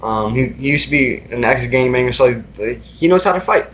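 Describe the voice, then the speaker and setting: A man's voice: mid-range voice, lively intonation, a little fast, a bit bright. A young man recounting personal experiences as a podcast guest, talking casually with lots of fillers and repeated words.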